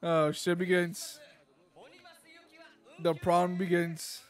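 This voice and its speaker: A channel host giving casual commentary while reacting to an anime, excitable, laughing often and swearing freely. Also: mid-range voice, drawn-out words.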